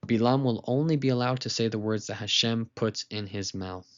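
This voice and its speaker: A man teaching a weekly lesson to children, retelling a story in a lively, casual way with asides to listeners. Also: mid-range voice, moderate pace, dull audio.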